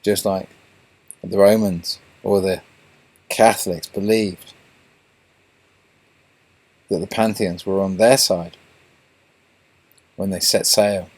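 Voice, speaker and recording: A man's voice: low voice, a little mellow, husky. An English man hosting his own channel, talking to viewers in a meandering monologue full of restarts and fillers. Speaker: channel host.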